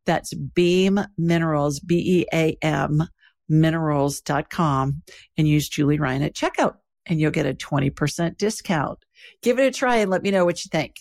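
Low-voiced woman reading an ad. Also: darkish tone. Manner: plain, spells out details slowly. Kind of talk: ad read.

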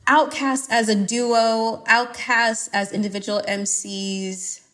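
A woman from Atlanta with an American accent, a podcast guest talking casually in an emphatic, animated way with playful exaggeration. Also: fairly high pitch, slow pace. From Atlanta, USA. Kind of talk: casual conversation.

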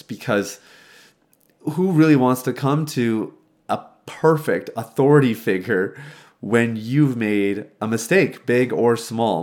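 A man's voice: fairly low pitch, darkish tone. A man in his thirties telling a personal recovery story in a reflective, conversational way, with frequent restarts, recorded in his old childhood bedroom. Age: 30s. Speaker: faith-based recovery speaker.

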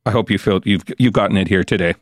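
A man's voice: lowish voice, quick pace, dry recording, clean studio sound. Friendly, admiring male podcast host. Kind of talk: casual interview chat.

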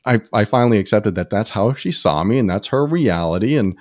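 A man co-hosting a casual podcast, telling personal stories in an animated way and acting out the people he quotes. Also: brisk, few pauses, no echo, clean studio sound. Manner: animated storytelling, acts out quoted people with sudden high pitch jumps. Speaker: podcast co-host. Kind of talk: casual conversation.

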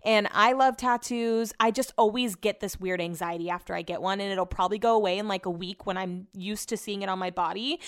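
A woman's voice: medium pitch, fairly even intonation, fairly quick, hardly any pauses, smooth, dry recording. Young woman host, chatty storyteller, casual swearing, dead-dry room. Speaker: podcast host. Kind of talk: casual solo podcast chat.

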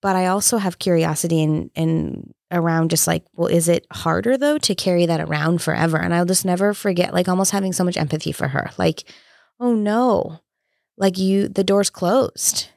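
A woman's voice: on the low side, fairly quick, creaky, hardly any pauses, darkish tone, no echo, clean studio sound. A woman in her thirties talking earnestly in a casual conversation, telling personal stories with many "like" fillers.

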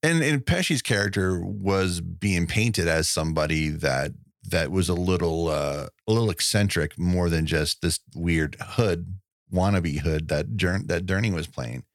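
Podcast co-host, male, low and gravelly, dry close mic, rambling casual delivery. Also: measured pace, no room sound. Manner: rambling, laughs often, restarts sentences. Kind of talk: casual movie podcast chat.

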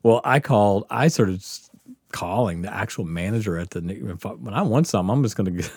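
A man, a podcast host telling a story in casual chat, animated and profane, laughing often and acting out quotes. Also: lowish voice, fast, vocal fry, slightly rough, dry recording, clean studio sound. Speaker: podcast host answering questions.

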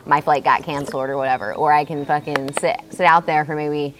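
A woman hosting a casual interview, calm and relaxed, laughing easily. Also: deep voice, brisk, noisy background. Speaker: host.

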